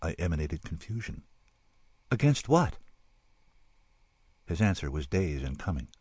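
A man narrating a science fiction story in a measured, wry way. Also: a bass voice, a little mellow, slightly rough, no room sound. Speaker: audiobook narrator. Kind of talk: scripted narration.

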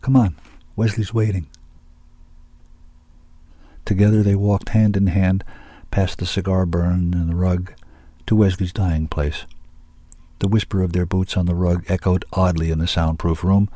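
A man narrating an audiobook in a steady, measured reading. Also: sits low, no room sound.

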